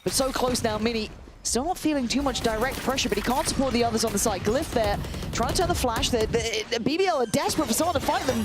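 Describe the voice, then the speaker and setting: A man casting an esports match live, fast and excitable, shouting on big plays, his voice going hoarse. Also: very high-pitched. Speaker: play-by-play esports caster. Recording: loud game music behind.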